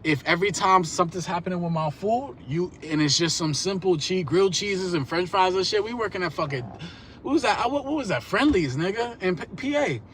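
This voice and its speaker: A man's voice: high-pitched, animated, fairly quick, fairly bright tone, a little hiss or hum. A man in his thirties telling rambling, profane stories in streetwise slang on a live stream. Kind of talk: casual storytelling rant.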